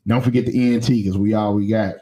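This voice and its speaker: A man's voice: lowish voice, steady tone, fast talker, mellow, low-quality recording. A man hosting a podcast in casual chat, laid-back and easy. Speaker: podcast host.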